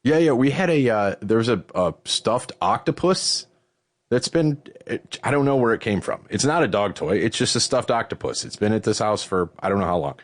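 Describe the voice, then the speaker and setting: A deep-voiced middle-aged man from Western New York, hosting a podcast chat and slightly out of breath. His pitch jumps all over the place as he tells stories in a loose, profane way. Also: moderate pace. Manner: profane, animated storytelling with swooping pitch. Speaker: podcast host. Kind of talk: casual chat.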